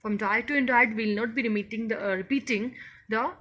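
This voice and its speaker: A woman's voice: a little high, fast talker, a bit bright, highs cut off. A woman with an Indian English accent teaching a grammar lesson, addressing her students directly and explaining each example step by step. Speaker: school teacher.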